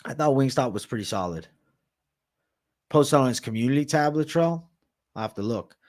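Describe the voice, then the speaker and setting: A man's voice: mid-range voice, animated, moderate pace, darkish tone. A man hosting a livestream, casually answering chat with slang and frequent swearing. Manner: profane, slangy, reads and answers chat comments.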